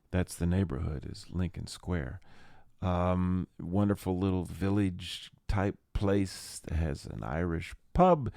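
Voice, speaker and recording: A man's voice: low-pitched, vocal fry, dark tone, no echo, studio quality. A man hosting a podcast, rambling through a casual comic monologue full of jokey, self-mocking asides. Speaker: podcast host.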